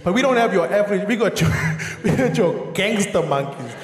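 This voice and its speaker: Performing on a large, echoey theatre stage, a South African comedian in his thirties delivers his stand-up fairly quickly in a high, widely swinging voice. He acts out shouting neighbours with animation and laughs at his own jokes. A long reverb tail and a faint audience fill out the live sound.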